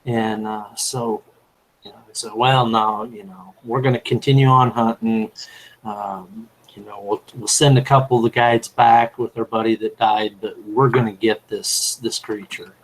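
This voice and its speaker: A man's voice: on the low side, steady tone, a little slow, low-quality recording. Rambling man telling a long tale. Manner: rambling, fills with "you know". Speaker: panel guest. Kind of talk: casual storytelling.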